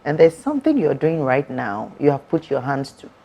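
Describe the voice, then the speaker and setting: A woman speaks in a low voice with an emphatic, preacherly style. She repeats words for effect as she gives a testimony during an interview. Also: big pitch swings, normal speed, dark tone, husky, lo-fi sound. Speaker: author and guest.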